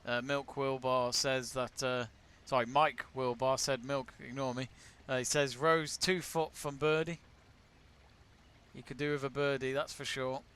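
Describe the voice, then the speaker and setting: A man's voice: mid-range voice, flat delivery, normal speed, hardly any pauses, fairly bright tone, smooth. A man from England hosting a live golf watch-along, chatting casually, greeting viewers and reading out their messages. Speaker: watch-along stream host.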